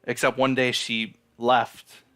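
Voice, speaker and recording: A man's voice: medium pitch, flat delivery, slow pace, a bit bright, clear, resonant tone. A man casually recapping an anime episode, rambling and swearing, with lots of fillers and restarts. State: feeling down and apologetic. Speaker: anime reviewer.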